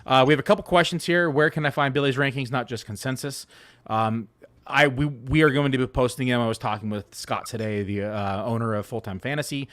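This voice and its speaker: A man's voice: mid-range voice, fairly quick, fairly bright tone. A man co-hosting a fantasy football show in a casual, rambling way with plenty of fillers. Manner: laid-back, rambling with many fillers. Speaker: fantasy football analyst co-host. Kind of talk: casual podcast chat.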